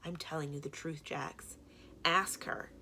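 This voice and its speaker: A woman's voice: fairly low pitch, moderate pace, sharp tone, slight background noise. A woman voicing a sly, weakened male potion-maker in a read-aloud storybook, talking insistently and urgently. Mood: pleading. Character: weak, sly male potion-maker pleading his case.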